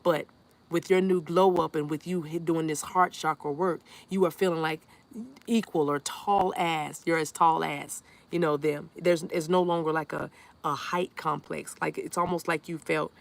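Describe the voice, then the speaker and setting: Her voice is deep and gravelly, a little slow, with fairly even intonation. As a tarot reader on a live stream, she addresses her viewers head-on, reads chat aloud, and repeats reassuring affirmations.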